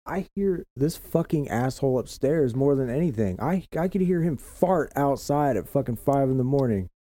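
A man's voice: medium pitch, expressive, moderate pace, warm tone, no echo. A man from Florida co-hosting a casual podcast, rambling and swearing constantly. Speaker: podcast co-host. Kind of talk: casual profane chat. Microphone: home podcast mic setup.

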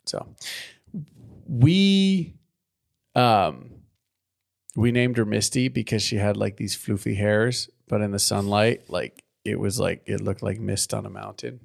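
A man's voice: on the low side, fairly even intonation, normal speed, gravelly. A man co-hosting a podcast, rambling through a crude, self-mocking casual chat while recapping a cartoon. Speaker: podcast co-host.

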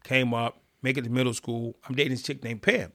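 A man's voice: medium pitch, fairly even intonation, brisk, creaky, pushed and bright. A man guest in a casual interview, telling vivid stories and acting out quotes. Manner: vivid storyteller, acts out quotes. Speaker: guest, former prisoner.

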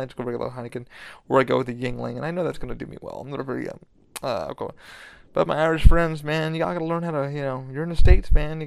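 A man with a gravelly, fry-laden voice talks in a loose, rambling way as a podcast host. He swears freely and leans on ums and restarts. The sound is dry and close. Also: medium pitch, no room sound. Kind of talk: casual rambling podcast chat.

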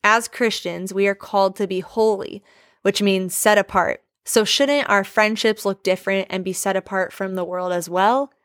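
A woman prays and then teaches a Bible lesson in an earnest, conversational tone, often asking her listeners questions. Her voice sits at an ordinary middle pitch. The recording is dry and close to the microphone. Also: steady tone, normal speed, a bit bright, dry recording.

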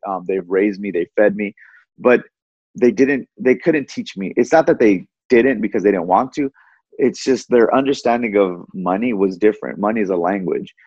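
A man telling his story as a podcast guest in a lively, fast way, often repeating words. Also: fairly low pitch, slightly rough, dry recording. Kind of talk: casual storytelling. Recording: dull lo-fi audio.

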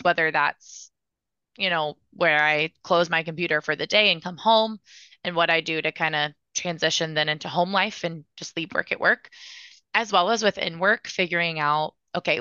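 A woman's voice: fairly low pitch, pushed and bright, clear, resonant tone, no echo, muffled recording. A woman music therapist answering interview questions, telling stories in an earnest, enthusiastic way.

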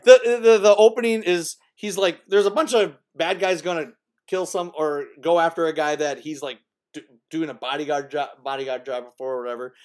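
Man, high voice, animated film chat, acts out scenes, casual podcast co-host. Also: fairly quick. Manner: animated, acts out scenes with sound effects and quotes. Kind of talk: casual chat about films.

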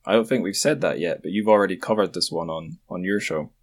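Scottish male co-host, deep voice, relaxed chat, wry asides. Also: quick pace. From Scotland. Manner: chatty, joking asides. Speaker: podcast co-host. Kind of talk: casual chat.

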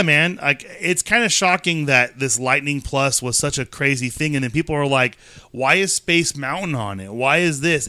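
A man in his thirties from California, co-hosting a casual chat and telling rambling stories with animated asides. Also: mid-range voice, clear, resonant tone, no echo. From California, USA. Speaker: podcast co-host.

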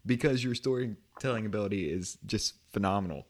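A man's voice: lowish voice, fairly quick. A man hosting a podcast, chatting casually and praising his guest. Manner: admiring, laughing along. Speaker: podcast host. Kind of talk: casual chat.

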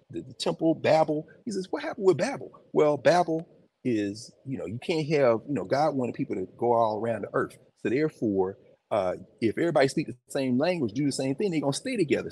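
A man hosting and lecturing informally in a museum, animated and preacherly, talking back to his listeners. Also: mid-range voice, husky. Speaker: host, professor. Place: museum, indoors.

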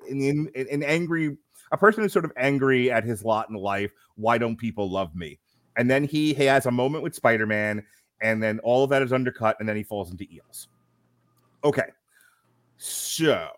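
A man's voice: medium pitch, a bit bright, no echo, clean studio sound. A man co-hosting a casual film review podcast, talking animatedly, often laughing and acting out quotes. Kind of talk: casual chat.

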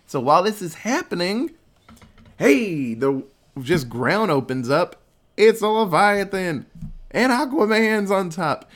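A man in casual podcast chat, retelling movie scenes with swearing, laughs and quick voices for the characters. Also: high-pitched, very animated, fairly bright tone. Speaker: podcast co-host.

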